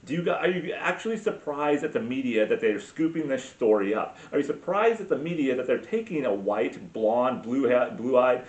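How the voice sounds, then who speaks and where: A man's voice: mid-range voice, big pitch swings, moderate pace, few pauses, darkish tone. A man hosting a podcast, ranting crudely and sarcastically, full of swearing and filler words. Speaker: podcast host. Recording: roomy, distant, dull sound.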